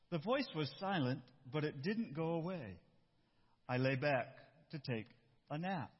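A man pastor giving a sermon and reading a storybook aloud, with relaxed, self-interrupting asides. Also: medium pitch, unhurried, slightly rough. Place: church. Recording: dull echoey church hall.

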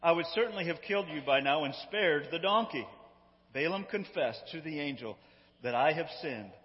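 A man preaching, telling a Bible story in an animated way and acting out the voices. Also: fairly high pitch, moderate pace. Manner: lively, acts out quotes, laughs often. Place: hall with live audience. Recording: dull sound, echoey hall.

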